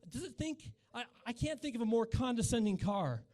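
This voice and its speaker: A man's voice: very high voice, animated, a little fast, darkish tone. A man in his forties from Utah doing live stand-up comedy on a small cafe stage, chatting with the crowd and riffing in a mock-incredulous way. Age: 40s.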